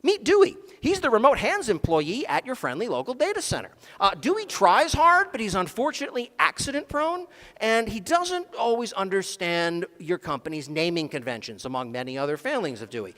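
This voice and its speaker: On a conference hall stage, a man delivers a comedic technical talk packed with dry, sarcastic jokes. His voice sits high and sounds sing-song, fairly quick and a bit bright, and the large hall adds a long reverb.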